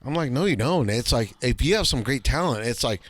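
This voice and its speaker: A man's voice: medium pitch, expressive, fairly quick, no room sound. A young man co-hosting a podcast in casual chat, blunt and profane, acting out little scenes as he tells stories. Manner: blunt, swears freely, acts out little scenes. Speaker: podcast co-host.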